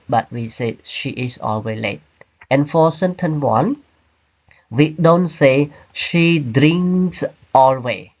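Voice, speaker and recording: A man teaching an online grammar class, explaining slowly and checking in with "right?" and "okay?". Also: mid-range voice, lo-fi sound. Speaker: English teacher. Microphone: computer mic on a video call.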